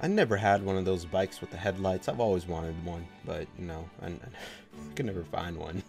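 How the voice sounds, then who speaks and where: A young man hosting an anime reaction, talking casually and excitedly to the screen, full of slang and quick laughs. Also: deep voice, creaky, soft background music.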